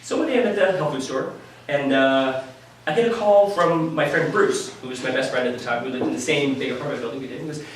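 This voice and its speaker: A man telling a personal story at a live story slam, candid and animated, laughing often. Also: medium pitch, fast, slight background noise. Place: live venue stage. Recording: echoey room from a distant mic.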